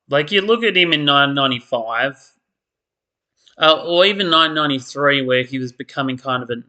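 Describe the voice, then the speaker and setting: A man's voice: medium pitch, bright, forceful tone. A man, perhaps, ranting in casual commentary, tired and exasperated, with mocking impressions of characters. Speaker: soap opera commentator.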